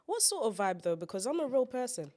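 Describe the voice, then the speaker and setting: A woman's voice: a little high, very animated, fast talker, warm tone. A woman guesting on a comedy podcast, talking casually with a dry, playfully mock-offended manner.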